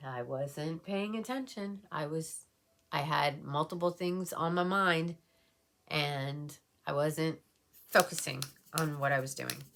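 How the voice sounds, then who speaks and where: Low-voiced, emotional woman vlogging. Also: slow pace, vocal fry, a bit bright. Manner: emotional, rambling, many fillers. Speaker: beauty vlogger. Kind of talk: casual get-ready-with-me chat.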